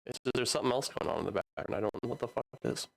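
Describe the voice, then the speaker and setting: Casual, stammering game master. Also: male voice, mid-range voice, expressive, vocal fry. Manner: casual, halting, many restarts. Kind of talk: narrating a tabletop game. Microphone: home streaming mic.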